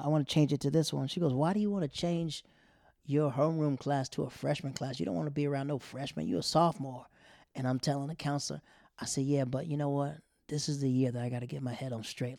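A young man casually telling a personal story in an animated way, with laughs and slangy asides. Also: mid-range voice, dry recording, studio quality.

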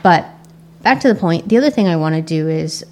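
A woman's voice: low voice, lively intonation, a little fast, a little mellow. A young adult woman with an Asian American accent hosting a casual solo podcast, reflective and rambling with frequent restarts. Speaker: podcast host.

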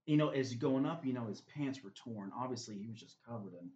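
A man's voice: medium pitch, a little fast, darkish tone. Guy telling a heartfelt faith story in an interview, says man a lot, echoey room, kinda muffled. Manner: earnest storyteller, fillers like "man" and "brother". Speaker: guest. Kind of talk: faith testimony in conversation. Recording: roomy, slightly dull recording.

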